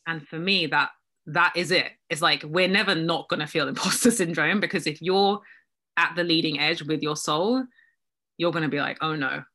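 A woman with a bright, forward voice talks as a guest in a relaxed interview. She is reflective and self-deprecating and often breaks into laughter as she shares her thoughts. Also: deep voice, moderate pace. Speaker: guest, business coach. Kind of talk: casual conversational interview.

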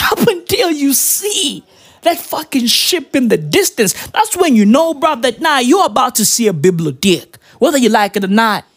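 A woman's voice: a little high, big pitch swings, normal speed, few pauses. A young woman from Africa, delivering a profane comedic rant that keeps tossing in "right?". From South Africa.

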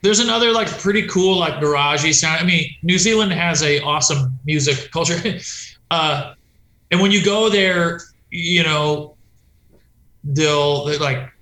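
A man's voice: on the high side, unhurried, bright, forceful tone. A man, a touring punk musician, telling stories in a rambling, profane, casual way and acting out quoted voices. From United States. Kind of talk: casual storytelling chat. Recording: roomy echo.

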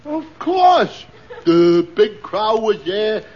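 An actor playing a naive, slow-witted, cheerful man in a 1940s radio comedy. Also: sits high, very animated, darkish tone, full character voice. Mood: dopey cheerful. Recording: muffled old radio broadcast with hiss.

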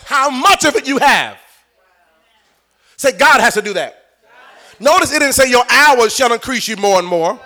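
A man's voice: very high-pitched, pushed and bright. A middle-aged man preaching a live sermon in church, joking with and coaxing the congregation.

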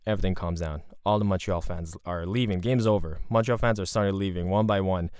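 A man telling a rambling, profane story in a casual, animated way. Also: sits low, a little fast, clean tone, no room sound, studio quality.

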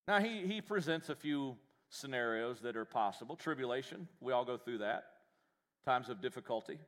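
A man preaching a sermon in a church, folksy and joking, with animated delivery. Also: mid-range voice, moderate pace. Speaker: pastor.

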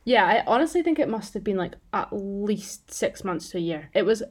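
A woman's voice: medium pitch, big pitch swings, normal speed. A woman in her twenties, a podcast co-host, telling stories in casual chat and acting out what people said. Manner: chatty storytelling, acts out quotes.

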